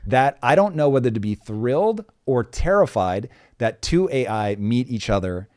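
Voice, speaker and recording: A man's voice: mid-range voice, sing-song, moderate pace, a little mellow, no room sound, clean studio sound. A man hosting a live stream, reading headlines and chatting with energy, swearing and restarting his sentences. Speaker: host. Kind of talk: live-stream news chat.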